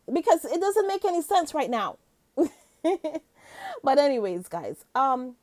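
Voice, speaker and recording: A woman talking straight to her viewers in a lively reaction vlog. Her voice sits high and leaps up and down through each sentence, and she laughs easily between long, rhetorical questions. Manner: animated, chatty, laughs often, rhetorical questions. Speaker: vlogger. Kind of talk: casual reaction commentary.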